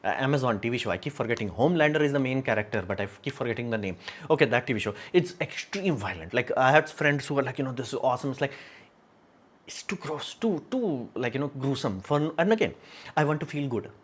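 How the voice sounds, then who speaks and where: A man talks casually to his livestream viewers, blunt and rambling. He fills his sentences with uhs and likes and laughs often. His voice sits at a middle pitch. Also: animated, fast talker, a little hiss or hum. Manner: rambling, frank, laughs often, many fillers. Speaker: livestream host.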